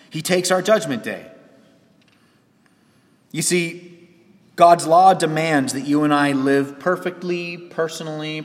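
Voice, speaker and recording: Guy preaching a sermon, kinda high voice, big echoey church, goes loud then real quiet. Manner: earnest preaching, rising and dropping sharply for emphasis. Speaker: pastor.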